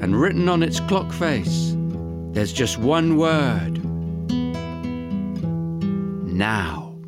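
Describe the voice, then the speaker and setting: A storyteller telling a fairy tale in an expressive, animated way. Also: medium pitch, slow pace, over loud music. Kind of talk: storytelling for children.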